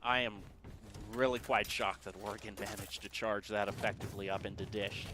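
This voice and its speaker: A man casting a collegiate esports match with lively play-by-play commentary and frequent laughter. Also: lowish voice, fairly quick, a little hiss or hum. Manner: animated, laughs often. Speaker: esports caster.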